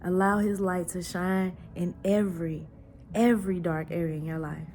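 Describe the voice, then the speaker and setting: A woman hosting her own devotional vlog, telling a family story in an animated, prayerful and heartfelt way. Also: on the low side, moderate pace, a little hiss or hum. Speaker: faith vlogger and host. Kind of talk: casual devotional chat.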